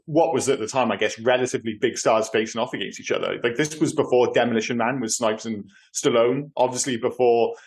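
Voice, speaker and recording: A man in his thirties or forties co-hosting a casual film podcast, animated and full of fillers. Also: medium pitch, fairly quick, hardly any pauses. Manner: animated, many fillers and restarts. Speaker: podcast co-host.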